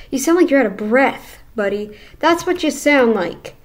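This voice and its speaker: A woman hosts a reaction video in a casual, mocking tone, firing blunt comebacks at the clip she is watching. Her voice sits a little high for a woman, and she pushes her points with sarcastic repetition. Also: very animated, measured pace. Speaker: reaction channel host.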